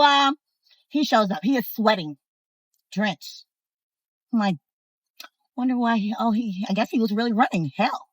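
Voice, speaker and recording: A young woman telling a personal story in a casual, sassy, animated way, speaking straight to her viewers. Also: high-pitched, no room sound, rough recording. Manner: animated, sassy, talks to the viewer, acts out others' voices. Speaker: storyteller host.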